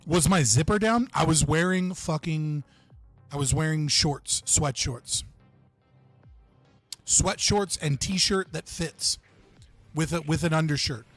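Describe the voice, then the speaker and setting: A man's voice: on the high side, slow pace, long pauses, no room sound, soft background music. Rambling young man, dry close mic. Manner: rambling, many restarts and fillers, swearing, laughing at himself. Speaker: livestream host. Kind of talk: casual livestream storytelling.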